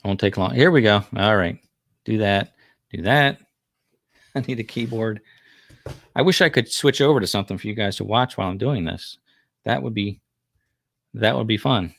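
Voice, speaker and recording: Middle-aged man with a New Jersey accent, casual rambling livestream host, low-pitched voice, dry sound. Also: moderate pace, gravelly, long pauses, dry recording. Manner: rambling, chatty, many fillers and restarts.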